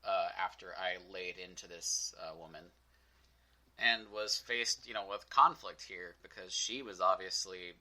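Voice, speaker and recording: Young guy podcasting his own story, deep voice but really bright and sharp, lots of ums. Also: measured pace, poor audio. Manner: candid, reflective, with frequent fillers. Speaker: podcast host. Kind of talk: personal storytelling monologue.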